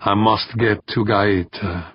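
A man voicing a calculating male science director who speaks in a quiet murmur. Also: lowish voice, steady tone, slow pace, breathy edge, no echo, dull audio.

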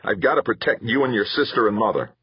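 A man's voice: fairly low pitch, expressive, quick pace, breathy edge, dry recording, pitched above the performer's own voice. A man doing a blunt, grim ship pilot father. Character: blunt, gruff middle-aged father piloting an ore ship. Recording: slightly muffled.

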